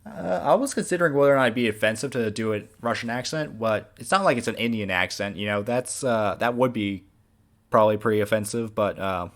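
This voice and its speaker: A man, the creator of an animated series, giving a casual, rambling director's commentary with many fillers. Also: lowish voice, brisk.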